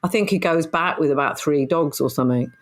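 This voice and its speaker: A woman's voice: low voice, fairly quick. A middle-aged woman co-hosting a casual podcast chat, laughing often and arguing playfully. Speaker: podcast co-host. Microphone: home podcast microphone.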